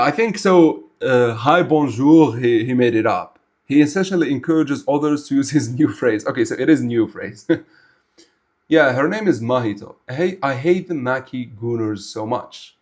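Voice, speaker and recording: A man's voice: medium pitch, moderate pace. A young man from Algeria, an Arabic speaker, chatting casually with viewers on a livestream in a blunt, rambling way. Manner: animated, rambling, blunt and informal. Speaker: streamer.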